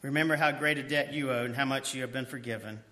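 A man preaching a sermon, reading verses aloud and then asking his listeners questions that he answers himself, dropping to a quiet voice on key points. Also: steady tone, fast. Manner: drops to a soft low voice on key points. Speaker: pastor. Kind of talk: expository sermon.

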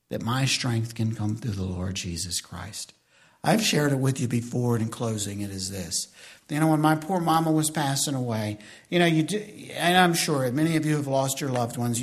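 A middle-aged pastor with a mid-range voice preaches a sermon, imitating whiny complaints. He builds to shouts, then falls back to slow, quiet emphasis.

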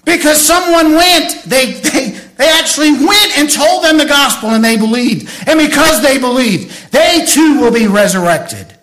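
An older man preaching a sermon as pastor, swinging between shouted lines and soft, hushed storytelling. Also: extremely high pitch, animated, normal speed, few pauses.

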